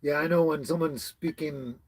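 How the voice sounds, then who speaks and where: A man's voice: on the high side, steady tone, moderate pace, background noise. A man hosting a casual livestream from a tiny house on wheels. He greets viewers and reads their comments, chuckling often and stumbling over names. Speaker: livestream host. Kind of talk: casual live chat reading viewer comments.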